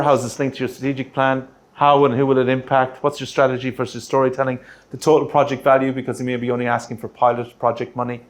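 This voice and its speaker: Running a grant writing workshop, a mid-range-voiced presenter from Australia keeps the energy high and punchy. He regularly tosses quick rhetorical questions at the room.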